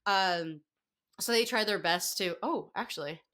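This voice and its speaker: A young woman telling a story in a casual podcast chat, excitable and acting out her own reactions. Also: medium pitch, a little slow. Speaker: podcast guest.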